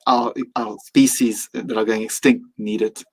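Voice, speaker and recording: A man's voice: lowish voice, flat delivery, unhurried, poor audio. A man speaking as a podcast guest, reflective and earnest, sometimes acting out his own inner voice. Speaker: mindfulness teacher and guest.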